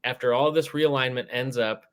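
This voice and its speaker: A man at a middle pitch hosts a casual sports podcast interview. He rambles in an easygoing way, full of "you know" and "uh". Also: normal speed. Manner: relaxed, rambling with many fillers. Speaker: podcast host.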